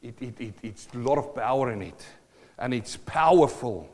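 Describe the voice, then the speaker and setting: A man's voice: medium pitch, moderate pace, a little hiss or hum. Preaching man in an echoing hall. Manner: animated preaching, repeats phrases, laughs between points. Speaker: pastor. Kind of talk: sermon. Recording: long hall reverb.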